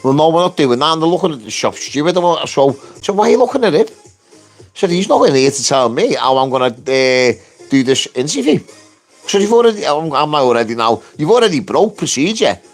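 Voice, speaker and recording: A man's voice: fairly quick, soft background music. Blunt, sweary workman telling a story. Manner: animated, jumps pitch to act out quotes. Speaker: construction worker telling his story. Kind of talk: casual storytelling.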